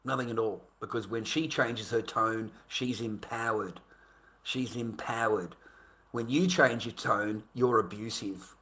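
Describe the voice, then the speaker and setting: Australian man, fifties, bright tense voice, aggrieved and swearing, rambling vlog monologue. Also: mid-range voice. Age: 50s. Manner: aggrieved, swearing, repeats himself. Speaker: vlogger.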